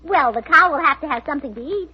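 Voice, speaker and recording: A woman with a high, sweet voice plays a scatterbrained wife in a 1940s radio comedy. She says absurd things in a perfectly matter-of-fact way. The recording is dull and muffled. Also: expressive, quick pace. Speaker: comedian, co-star of the show.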